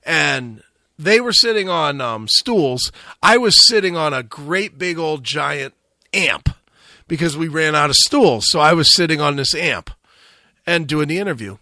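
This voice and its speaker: A man's voice: a little high, lively intonation, a little slow, bright, forceful tone, no room sound, clean studio sound. A man hosting a radio talk show, telling a long profane story and acting out the quotes. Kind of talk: casual storytelling.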